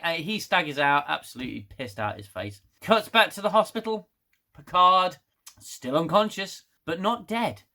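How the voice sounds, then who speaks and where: Man ranting about a TV show, sarcastic and exasperated, bright, fairly high voice. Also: lively intonation, normal speed. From United Kingdom. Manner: sarcastic, exasperated, laughs loudly. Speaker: TV show reviewer. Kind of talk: casual review rant.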